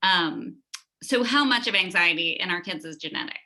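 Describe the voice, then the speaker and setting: Bright, gravelly woman moderator. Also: fairly low pitch, lively intonation, normal speed, low-quality recording. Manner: chatty, laughs lightly, puts questions to the guest. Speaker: discussion moderator. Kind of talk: conversational moderating.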